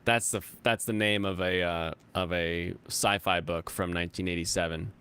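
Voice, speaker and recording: At a normal speed and with a clean tone, a man runs a casual livestream, going through viewer comments with animated, meandering chatter. He laughs often, his voice springing high when something excites him.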